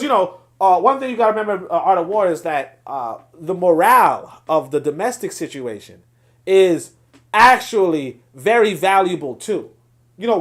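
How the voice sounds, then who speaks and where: Hosting a political livestream, a man with a high-sitting voice reads viewer chat and comments passionately, wandering off topic and restarting frequently.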